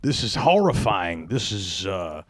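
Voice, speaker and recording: A man's voice: on the low side, moderate pace, dry recording, natural voice. A man voicing a brash, foul-mouthed blue-collar dad who rants with no filter, in an Italian-American accent. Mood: outraged. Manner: loud, ranting, no filter.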